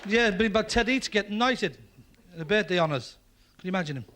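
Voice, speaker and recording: A man telling stand-up jokes with a brisk, punchy delivery. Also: high-pitched, animated, crowd noise, background noise. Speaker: stand-up comedian.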